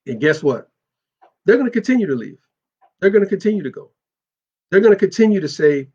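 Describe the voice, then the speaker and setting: A middle-aged man with a strikingly high voice rants in a blunt, profane, emphatic way, hammering his points home. The sound is dull and lo-fi, as from a cheap recording. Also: sing-song, fairly quick, long pauses, a little mellow, husky. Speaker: motorcycle club commentator. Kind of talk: casual monologue.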